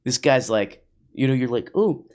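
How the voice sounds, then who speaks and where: A man's voice: mid-range voice, normal speed. Guy on a comedy podcast roasting tweets, snarky, does silly voices. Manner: mocking, with sarcastic put-on voices. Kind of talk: riffing commentary.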